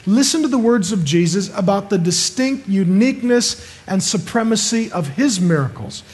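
Pastor guy preaching, kinda high voice, hammers points home, asks the crowd questions. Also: expressive, moderate pace, darkish tone. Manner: emphatic, repeats points with rhetorical questions. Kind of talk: sermon.

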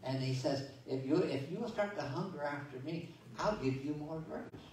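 A man's voice: on the high side, animated, moderate pace, a little mellow, a little hiss or hum. A man preaching a sermon as pastor, folksy and conversational, telling stories and reading scripture with many restarts and asides. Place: church sanctuary. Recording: echoey church sanctuary from far off.

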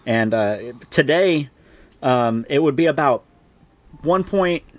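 A man co-hosting a podcast, chatting casually about a movie in a rambling way, jumping into higher voices to act out quotes. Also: expressive, slow pace, no echo. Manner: rambling, acts out quoted lines in a raised voice. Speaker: podcast co-host. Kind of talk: casual movie review chat.

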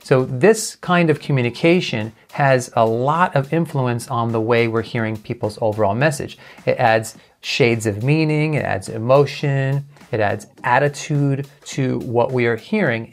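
A man teaching as a communication coach, explaining clearly and sometimes imitating sounds to demonstrate. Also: mid-range voice, moderate pace, few pauses. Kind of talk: talking-head lesson.

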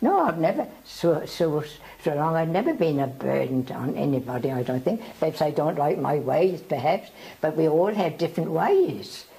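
A woman over a hundred years old, from South Africa, giving an oral history interview, speaking haltingly and often repeating herself. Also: low-pitched, animated, vocal fry, warm tone, rough recording. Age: over 100.

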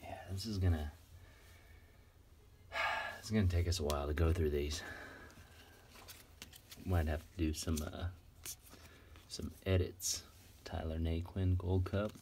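A man casually chatting while going through a box of trading cards, excitedly rattling off names. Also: low voice, measured pace, long pauses, slight background noise. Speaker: card collector vlogger. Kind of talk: casual unboxing chat.

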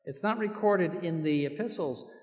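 A man preaching a sermon as a bishop, earnest and slowing down to stress key words. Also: high voice, a little mellow, long reverb tail.

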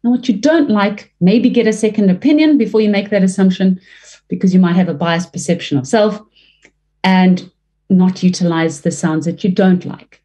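A woman working as a leadership trainer and voice coach, giving expressive interview answers with some restarts and fillers. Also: moderate pace. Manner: expressive, varies pitch and pace to demonstrate; fluent with frequent restarts.

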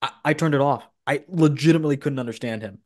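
A man's voice: medium pitch, fast, darkish tone. A man hosting a podcast, giving blunt opinions in casual chat with frequent restarts. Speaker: podcast host.

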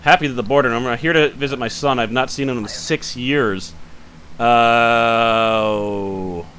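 Bright-voiced man muttering over a game. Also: mid-range voice, a little hiss or hum. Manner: thinks aloud while checking details, mutters to himself; quick to grumble and curse, then apologizes. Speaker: gaming channel host. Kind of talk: casual let's-play commentary.

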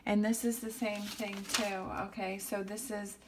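A woman's voice: mid-range voice, level tone, measured pace, noisy background. A woman giving a tarot reading to her viewers, thinking aloud in a reassuring way and often checking in with "okay?". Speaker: tarot reader.

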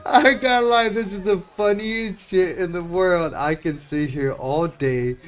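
A man streaming live gameplay, reacting with lots of laughter and slangy, excited commentary. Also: sits high, unhurried. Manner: slangy and swearing. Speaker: game streamer.

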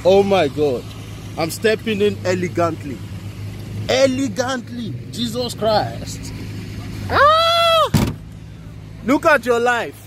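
A man excitedly showing off cars at an outdoor car meet, talking to the camera. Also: sits high, a little slow, noisy background. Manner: playful, exclaiming, talking to the camera. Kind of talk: excited walk-around vlog.

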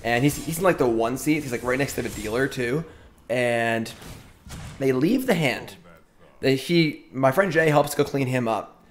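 A man's voice: medium pitch, expressive, unhurried, faint music behind. Chatty man streaming a card game. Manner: chatty, rambling, self-interrupting. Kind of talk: casual storytelling while gaming.

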